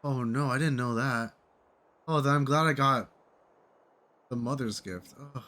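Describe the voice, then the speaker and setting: A man streaming a video game, chatting casually and reacting out loud to the story. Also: mid-range voice, a little slow. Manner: chatty, reactive, lots of "like" fillers. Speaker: gaming streamer. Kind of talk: casual playthrough reaction commentary.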